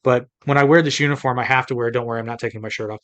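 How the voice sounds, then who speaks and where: A man's voice: mid-range voice, steady tone, racing, a bit bright, dull audio. A man from the United States co-hosting a podcast in casual chat, chatty and rambling with frequent restarts. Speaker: podcast co-host.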